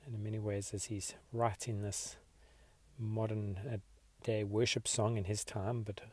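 Reflective male podcast host leading a slow meditation, low-pitched, husky, very even tone. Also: no room sound. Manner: slow, reflective, soft-spoken.

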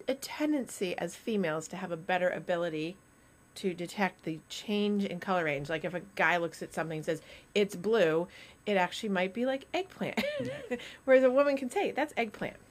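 A middle-aged woman hosts a casual podcast chat. She talks in an animated way, quick to explain a point and to tease. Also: fairly low pitch. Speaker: podcast host.

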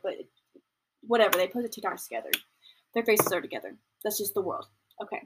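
Lively in intonation and speaking at an ordinary speed, this young adult podcast host pauses often as she rambles through casual commentary from home. She mocks people with high-pitched impressions, and background noise is present.

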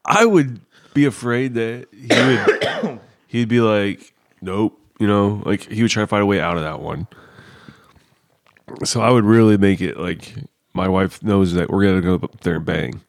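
A man's voice: fairly low pitch, moderate pace, creaky, dry recording, clean studio sound. A man in casual comedic chat, joking and laughing often as he acts out silly scenarios.

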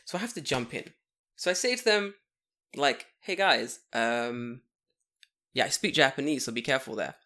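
A man telling stories on a casual podcast chat, animated, swearing often and laughing as he acts out the people he quotes. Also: medium pitch, normal speed. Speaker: podcast co-host.

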